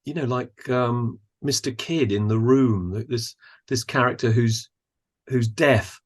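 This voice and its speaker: A man in a mid-range voice, speaking as a podcast guest with a reflective, admiring tone. He often pauses and restarts as he looks for the right words. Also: mid-range voice. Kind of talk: thoughtful conversational discussion.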